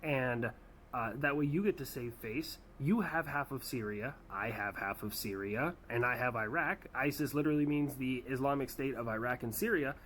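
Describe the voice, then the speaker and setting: A man's voice: medium pitch, normal speed, a bit bright, slight background noise, lightly acted. A man voicing America personified as a brash, cocky male who talks crudely.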